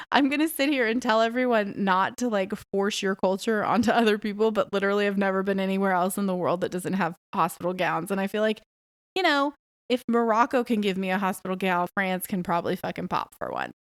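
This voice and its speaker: A woman's voice: mid-range voice, no room sound, clean studio sound. A woman in her thirties hosting a podcast alone, talking frankly and bluntly and swearing freely. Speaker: podcast host. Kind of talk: casual monologue podcast.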